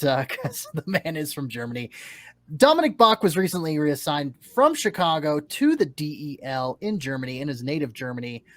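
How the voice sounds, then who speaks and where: A man's voice: on the high side, dry recording. A man co-hosting a podcast, chatting playfully and tossing questions to his co-host. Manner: lively, playful, chuckling asides. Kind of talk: casual podcast chat.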